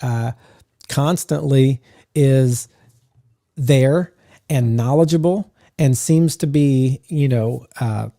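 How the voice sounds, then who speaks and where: A man co-hosting a podcast about game mastering, talking in a relaxed, musing way with lots of "uh" fillers, close to the mic. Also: medium pitch, takes it slowly, vocal fry, dry recording. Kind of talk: casual podcast chat.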